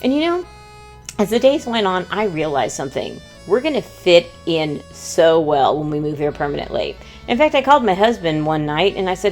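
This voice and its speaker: A woman's voice: lowish voice, very animated, brisk, darkish tone, faint music behind. A woman from the United States hosting a humorous travel vlog in a playful, mock-dramatic storytelling manner. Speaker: vlog host.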